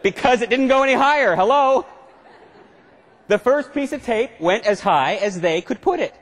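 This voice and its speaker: A fairly high-pitched man delivers a motivational seminar to a live audience, joking around and firing questions back at the room. His voice rings out with a long reverb tail from the lecture hall. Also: fairly quick. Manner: playful, keeps quizzing the audience. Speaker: management consultant giving a seminar.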